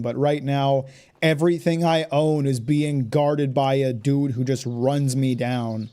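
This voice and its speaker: A man's voice: medium pitch, steady tone, a little slow, mellow. A man hosting a gaming channel, giving exasperated, sarcastic let's-play commentary with a lot of swearing.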